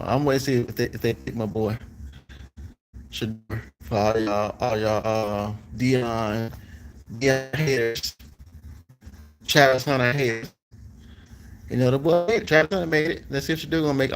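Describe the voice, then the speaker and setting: A man's voice: mid-range voice, a little hiss or hum, low-quality recording. Rambling man chatting while he cooks. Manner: rambling, repeats phrases, slangy. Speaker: cooking vlogger. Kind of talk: casual chat to viewers.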